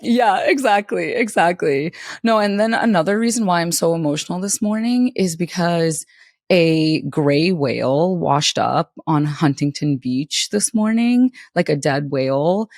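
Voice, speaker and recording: Young woman podcaster, giggly, slightly low voice that jumps around a lot. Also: unhurried, no room sound, studio quality. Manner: giggly, animated storytelling. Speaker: podcast co-host. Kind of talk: casual chat.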